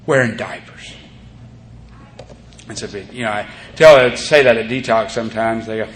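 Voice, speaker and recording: Rambling man telling his story. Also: medium pitch. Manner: rambling, storytelling with many "you know"s. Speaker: AA speaker. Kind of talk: recovery talk to an audience. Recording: echoey room tape with faint hiss.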